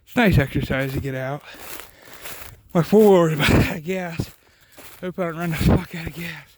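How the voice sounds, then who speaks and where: A man telling rambling, casual stories outdoors in the woods. His voice sits fairly high, and he swears freely as he wanders from one memory to the next. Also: normal speed, background noise. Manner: profane, rambling, laughs at his own stories. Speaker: vlogger.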